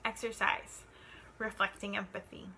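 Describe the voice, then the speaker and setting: A woman reading out a worksheet and working through an exercise, slow and hesitant with many pauses and ums. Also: mid-range voice, little pitch movement, gravelly, pushed and bright, a little hiss or hum, rough recording. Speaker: student reading coursework aloud.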